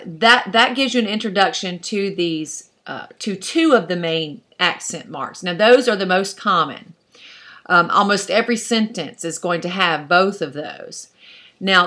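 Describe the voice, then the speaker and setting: A woman's voice: fairly low pitch, a bit bright. A woman teaching an online class, explaining step by step in a patient way and thinking aloud as she goes. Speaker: Hebrew instructor.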